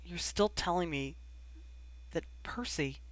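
A reader voicing a grief-stricken young man who talks in a choked, halting way. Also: medium pitch, no echo, close to an everyday voice. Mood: grieving. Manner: choked, halting, breaking into sobs.

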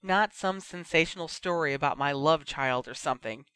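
A man's voice: on the high side, moderate pace, bright, forceful tone, smooth, dry recording. A man reading a story aloud and voicing an impatient, fiery teenage girl with a heated, pleading manner. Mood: excited. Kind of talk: audiobook character voice.

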